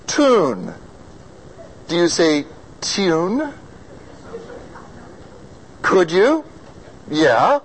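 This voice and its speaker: A man's voice: on the high side, expressive, a little slow, pauses often, slight background noise, poor audio. A man with an American accent teaching a class about vowel sounds, patiently sounding out vowels and asking his students questions. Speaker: singing or diction teacher.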